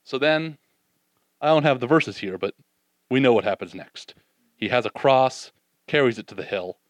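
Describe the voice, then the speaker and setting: Male preacher, mid-pitched, lively scripture retelling, dead-dry close recording. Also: no room sound. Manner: animated, voices the disciples' doubts, drops soft and slow for reflection. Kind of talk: sermon.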